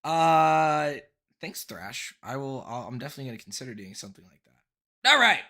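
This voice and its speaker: A man's voice: mid-range voice, very animated, moderate pace, pushed and bright. A young man hosting a casual live stream from his bedroom, rambling and swearing, with frequent laughs and restarts. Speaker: streamer reviewing viewer decks.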